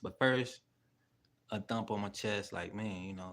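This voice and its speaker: A man's voice: on the low side, unhurried, fairly bright tone. A man hosting his own channel, telling a story in a loose, rambling, slangy way with heavy swearing. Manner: rambling, with many fillers and asides. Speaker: channel host. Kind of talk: casual spoken storytelling.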